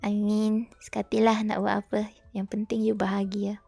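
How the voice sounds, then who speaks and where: A woman's voice: mid-range voice, completely flat delivery, unhurried, gravelly, mellow, dry recording, faint music behind. A young woman with a Malaysian accent, chatting casually and giggling on a livestream as she studies, switching between languages mid-sentence. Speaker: VTuber streamer. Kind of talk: casual livestream chat while studying.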